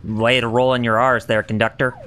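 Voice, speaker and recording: A man streaming a video game, giving chatty, animated commentary full of reactions and jokes. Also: medium pitch, fairly quick, clear, resonant tone. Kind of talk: casual let's-play commentary.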